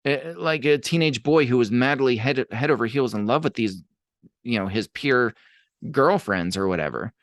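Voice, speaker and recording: A man speaks as a podcast guest, telling a story in a relaxed, conversational way. He slips into the voices of the people he quotes. His mid-range voice is recorded close, with a dry sound. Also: mid-range voice, moderate pace, dry recording. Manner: animated, acts out quoted voices. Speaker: podcast guest, abuse advocate.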